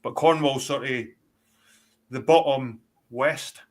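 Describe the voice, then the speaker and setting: A slow-speaking Scottish man with a mid-range voice appears as a guest on a live stream. His chat is blunt and rambling, laced with heavy swearing.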